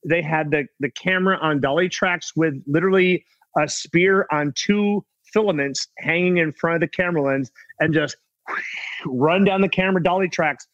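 A middle-aged man telling casual stories as a guest actor, rambling with many restarts and quick impressions of other people. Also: on the high side, a bit bright, no room sound, dull audio. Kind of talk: casual anecdotal storytelling.

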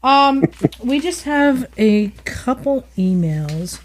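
A woman's voice: high-pitched, animated, slow. A woman co-hosting a podcast in casual chat, playful and bantering as she runs things and reads listener mail aloud. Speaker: podcast co-host.

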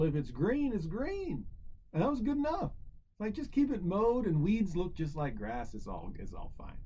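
Man, religious teacher, scripture lesson, soft warm tone, rhetorical questions, self-corrections. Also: on the high side, muffled recording, a little hiss or hum.

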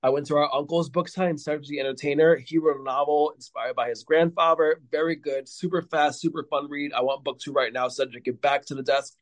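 A man's voice: fairly high pitch, steady tone, brisk, few pauses, dry recording. Rambling man in a dry, close sound. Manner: rambling storyteller, heavy with fillers. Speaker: podcast guest. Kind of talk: casual podcast chat.

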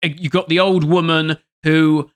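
A man's voice: on the high side, flat delivery, moderate pace, fairly bright tone. A man co-hosting a podcast, chatting casually and animatedly, often laughing and quoting scenes. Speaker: podcast co-host. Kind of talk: casual chat review.

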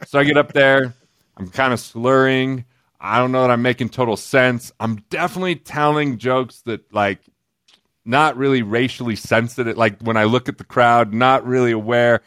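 A man from Utah, a podcast guest, telling stories in an animated, joking way. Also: medium pitch, smooth, no echo, clean studio sound. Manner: animated, jokey, quoting others in quick asides. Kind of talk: casual storytelling.

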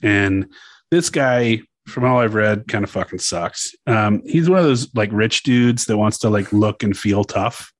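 A man's voice: lowish voice, measured pace, dry recording, clean studio sound. A man from Louisiana with a Louisiana accent, co-hosting a casual podcast and telling a story in a joking, profane, laid-back way. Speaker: podcast co-host.

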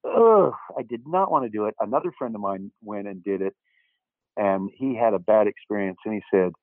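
An older man, an actor guest, telling lively anecdotes and acting out the dialogue, with many false starts. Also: lowish voice, normal speed, no room sound. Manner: animated storyteller who acts out quoted dialogue, with frequent restarts. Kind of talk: anecdotal interview storytelling. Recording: dry, tinny phone-like line.

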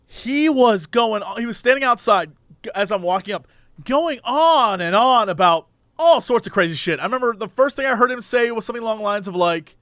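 A young man with a high, bright voice talks fast as a podcast co-host in a casual chat from the Los Angeles area. He's an animated storyteller who acts out quoted voices. The studio-quality recording has no echo.

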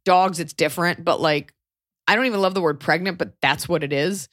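A young woman co-hosting a casual advice podcast, blunt and jokey, with animated swings in her delivery. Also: lowish voice, a little fast, dry recording, clean studio sound. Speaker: podcast co-host.

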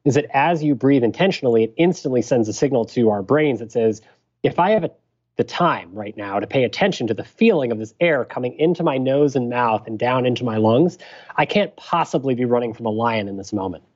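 Measured man explaining breathwork, dull audio. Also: medium pitch, animated, darkish tone. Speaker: guest physician. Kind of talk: podcast interview.

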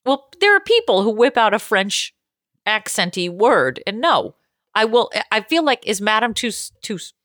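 A woman comedian co-hosting a podcast, chatting casually, animated and quick to laugh. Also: medium pitch, no room sound, clean studio sound. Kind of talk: casual chat.

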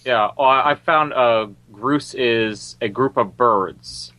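A man in a casual film review chat, animated and laughing often. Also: slow pace, dry recording. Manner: animated, laughs often, quotes lines in a higher voice. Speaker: podcast co-host.

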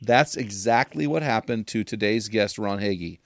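A man hosting a podcast, talking in an energetic, joking and emphatic way. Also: lowish voice, moderate pace, dry recording, clean studio sound. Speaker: podcast host. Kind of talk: casual podcast chat.

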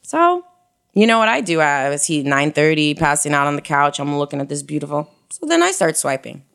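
A woman frankly telling a personal story in casual conversation, animated and full of slang. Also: low-pitched, a little fast, creaky, clear, resonant tone.

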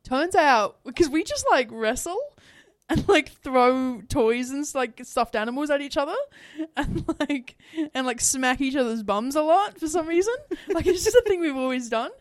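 A young woman with a fairly high voice chats and rambles, breaking into giggles as she goes. Her voice sounds close and dry, with no room around it. She talks as a casual podcast co-host. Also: lively intonation, moderate pace, dry recording. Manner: giggly, rambling, laughs often. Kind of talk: casual chat.

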